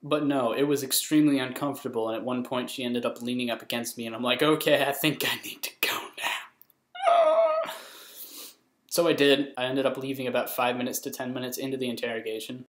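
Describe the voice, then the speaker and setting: A man's voice: medium pitch, quick pace, few pauses. Rambling, self-mocking young man. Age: young adult. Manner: absurd, self-mocking, deadpan jokes. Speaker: vlogger. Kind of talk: rambling comic storytelling. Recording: roomy echo.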